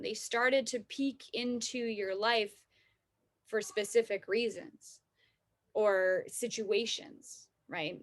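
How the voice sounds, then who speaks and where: Chatty woman teaching self-love, higher voice. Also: fairly bright tone. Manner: conversational, often adds "right?" and "you know?". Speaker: wellness teacher. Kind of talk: casual self-help talk.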